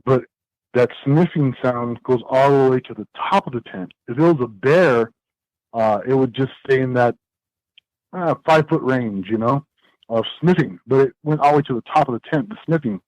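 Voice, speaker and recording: A man's voice: mid-range voice, normal speed, no room sound, dull audio. Man telling a rambling story. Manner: rambling, animated storytelling with many fillers and restarts. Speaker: podcast guest. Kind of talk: casual storytelling in a podcast interview.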